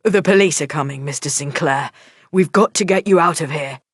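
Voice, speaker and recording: A woman reading an audiobook, voicing a man who speaks quickly and pressingly. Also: sits low, slightly rough, no echo, studio quality. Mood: urgent. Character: urgent middle-aged man hustling someone away.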